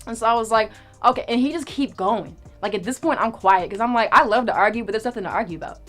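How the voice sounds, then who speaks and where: Young woman rattling off a story fast, animated, swears a lot, acts out the quotes, music faint underneath. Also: a little high. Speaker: storyteller guest. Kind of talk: casual storytelling.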